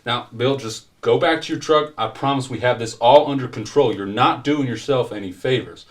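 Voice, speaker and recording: A man voicing a small-town male police officer trying to calm an angry crowd. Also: mid-range voice, moderate pace, voice pushed up, close to an everyday voice. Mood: placating. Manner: soothing, pleading.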